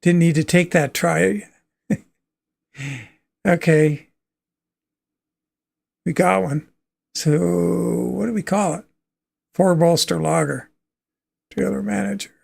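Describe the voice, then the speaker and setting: A man's voice: sits high, fairly even intonation, slow pace, vocal fry, long pauses, darkish tone. A man from Canada hosting a livestream, chatting casually and thinking aloud as he plays a trucking game, with easy chuckles. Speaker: livestream host.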